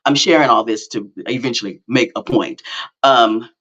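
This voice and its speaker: Middle-aged man, podcast host, rambling casual storytelling, mid-pitched voice, slightly muffled lo-fi audio. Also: normal speed. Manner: rambling, with many fillers and self-corrections; animated, self-mocking storytelling.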